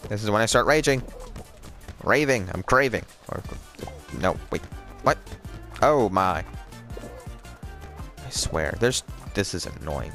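A man talking through his gameplay in a lively, bouncing voice that leaps up and down in pitch. He is excitable and jokey, slipping into playful nonsense rhymes and mock rage. Faint game music plays underneath. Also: takes it slowly, pauses often. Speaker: gameplay commentator. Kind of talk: casual gameplay commentary.

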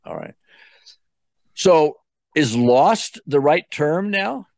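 An older man coaching a client through a tapping session, calm and guiding, checking in often. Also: a little high, extremely slow, creaky, no room sound.

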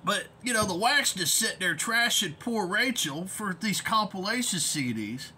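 A man's voice: sits high, expressive, moderate pace, bright, forceful tone, a little hiss or hum. A man ranting in a vlog as an online commentator, profane, rambling and heated.

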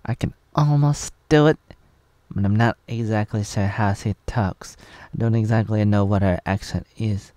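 A man's voice: fairly low pitch, moderate pace, warm tone, no echo. A man in his thirties from Oregon, casually reviewing a TV episode in a meandering, rambling way with chuckling asides to himself. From USA (Oregon). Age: 30s.

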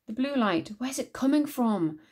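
A woman's voice: on the high side, lively intonation, normal speed, darkish tone, pitched above the performer's own voice. A woman voicing an eager, clever young boy in a storybook reading, in an earnest manner.

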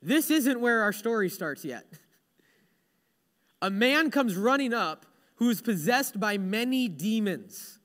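A man's voice: sits high, sing-song, takes it slowly, a bit bright, long reverb tail. A male pastor preaching a sermon, retelling stories with humorous, self-deprecating asides.

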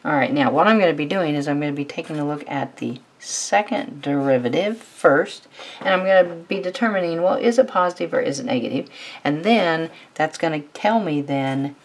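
A woman math teacher explaining a calculus problem step by step, often pausing on "all right.". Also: low-pitched, animated. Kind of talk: recorded math tutorial.

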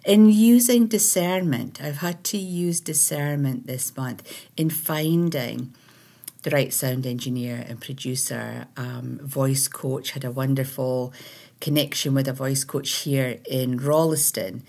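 A middle-aged woman with a Scottish accent reflects out loud in an earnest, meandering monologue, pausing and restarting her thoughts. Her voice sits very low and carries a gravelly fry. There is a husky, breathy edge to it. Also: steady tone. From Scotland. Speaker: meditation creator.

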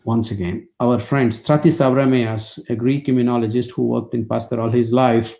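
Older man, warm gravelly lecturer, dry anecdotal humor, webinar call mic. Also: medium pitch, steady tone, moderate pace, few pauses. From India. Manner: anecdotal, wry storytelling with dry jokes.

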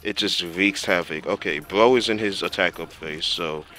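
A man's voice: deep voice, moderate pace, pushed and bright. A young man giving casual gameplay commentary, talking to himself in slangy speech with lots of fillers. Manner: talks to himself while playing, slangy, with many fillers.

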